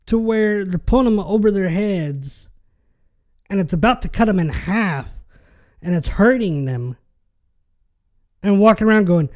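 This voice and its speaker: A man's voice: high voice, animated, measured pace, long pauses. A young man hosting a podcast, ranting in an exasperated way, swearing and tripping over his words. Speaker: podcast host.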